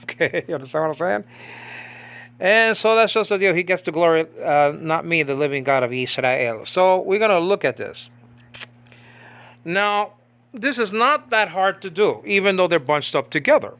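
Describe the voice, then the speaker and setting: A man teaching an informal Bible study, rambling with many fillers, often asking if the listener understands, and reciting verses slowly and deliberately. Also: high-pitched, lively intonation, a bit bright. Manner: rambling, many fillers, keeps asking "you understand what I'm saying?". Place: in the Philippines.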